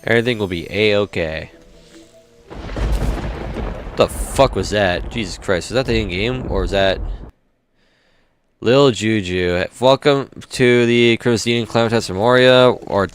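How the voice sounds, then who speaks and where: A man's voice: lowish voice, normal speed, over music. A young man casually commenting while playing a video game, swearing often and grumbling at the game. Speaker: gaming YouTuber. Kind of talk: casual let's-play commentary.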